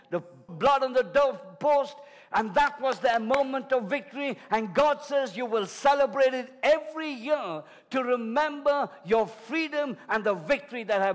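A man preaching a dramatic sermon, swinging from shouts to hushed words. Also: extremely high pitch, animated, moderate pace. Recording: long hall reverb.

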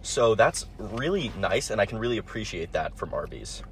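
Male co-host, animated and expressive, casual food-review banter from a parked car. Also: lowish voice, moderate pace, a little hiss or hum. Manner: enthusiastic, animated, likes a dramatic "you know what?".

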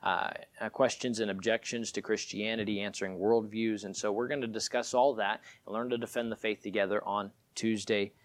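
A man preaching a sermon on defending the faith, growing emphatic and louder on key points. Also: level tone, fairly quick, hardly any pauses. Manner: emphatic, rises in pitch and volume when stressing points.

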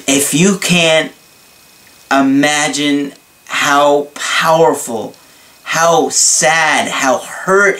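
A man from New York telling a personal story to his viewers in an earnest, reflective and halting way. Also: a little high, fairly bright tone. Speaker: relationship video creator. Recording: voice somewhat far from mic.

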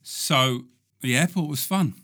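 A man's voice: mid-range voice, slow pace, a bit bright. A man hosting a comedy podcast, talking in a playful, self-mocking monologue from home in quarantine. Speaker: podcast host.

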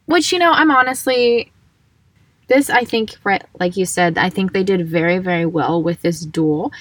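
A woman's voice: fairly low pitch, moderate pace, dry recording, far from the mic. A woman co-hosting a casual podcast chat, retelling events in a playful, sassy way. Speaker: podcast co-host.

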